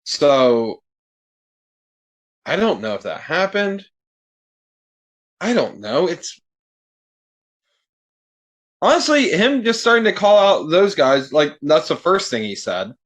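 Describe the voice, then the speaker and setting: A man as a podcast guest, talking in casual chat and sounding exasperated, swearing freely and getting animated. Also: on the high side, slow pace, long pauses.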